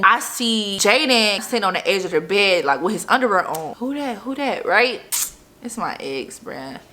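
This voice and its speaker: A young woman vlogger, telling a personal story in a slangy, animated way with acted-out quotes. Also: mid-range voice. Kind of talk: storytime vlog.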